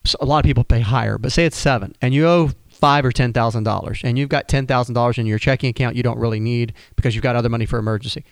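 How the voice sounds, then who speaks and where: A man's voice: medium pitch, very fast, gravelly, few pauses, no room sound, studio quality. A man hosting a radio advice show, talking casually in a folksy, conversational way with frequent restarts. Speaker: radio show host, financial planner.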